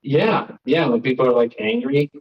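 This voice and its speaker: A young Florida man with a medium-pitched voice talks at normal speed, working a comedy stage as comedian and host. His live stand-up set rambles, pokes fun at himself and riffs with the crowd. The audio is lo-fi, captured from a live stream.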